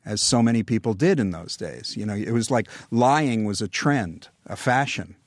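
An older man telling wry anecdotes in a relaxed interview, with dry humor. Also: lowish voice, normal speed, dry recording. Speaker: guest. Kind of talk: conversational interview storytelling.

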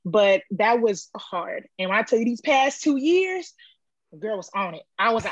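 Animated woman telling a story. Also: moderate pace, no room sound, highs cut off. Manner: animated storytelling, acts out quotes with high pitch jumps. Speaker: powerlifter guest. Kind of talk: casual interview storytelling.

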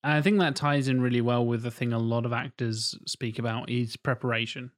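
A man co-hosting a casual podcast chat, telling animated stories and swearing freely. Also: mid-range voice, fairly quick. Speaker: podcast co-host.

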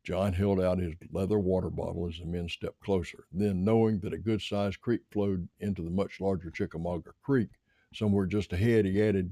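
A man reading a story aloud in steady storytelling narration. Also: low-pitched, normal speed, no room sound, clean studio sound.

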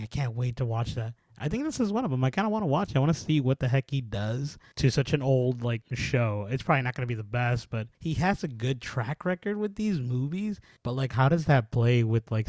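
A man co-hosting a podcast, talking about movies in an animated, laughing way with plenty of fillers. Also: mid-range voice, dry recording. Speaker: podcast co-host. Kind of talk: casual chat about movies.

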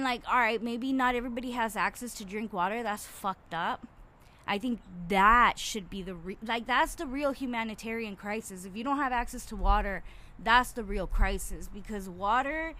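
A young woman talking casually on her own, animated and swearing freely, getting worked up as she goes. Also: on the high side. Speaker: podcaster. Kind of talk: casual monologue.

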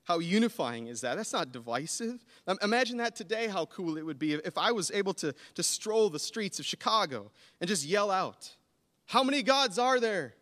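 A man in his thirties preaching a sermon, earnest and building to animated emphasis. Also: high-pitched, fairly quick, hardly any pauses. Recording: long hall reverb.

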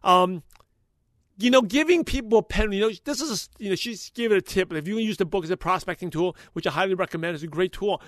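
Male podcast host, high voice, very fast, energetic motivational delivery, dry close sound. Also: no echo. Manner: energetic, motivational, talks fast when passionate. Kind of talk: enthusiastic podcast recap.

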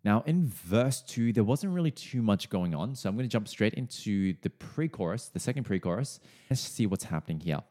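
A male singing coach talks viewers through a song's vocal choices in a somewhat low voice. His delivery is friendly and explanatory, loosened with casual fillers. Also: lively intonation, normal speed, few pauses, mellow.

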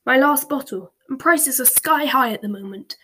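A gruff, stout old wizard grumbles his complaints, as a woman puts him on. The voice is pitched fairly high and breathy, with a whispered, hushed delivery. It suits a storybook read aloud softly. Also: normal speed, exaggerated voice.

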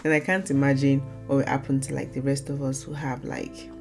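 Very deep-voiced young woman podcaster. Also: flat delivery, vocal fry, over music. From Nigeria. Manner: fast, rambling, self-correcting. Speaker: podcast host. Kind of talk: casual solo podcast talk.

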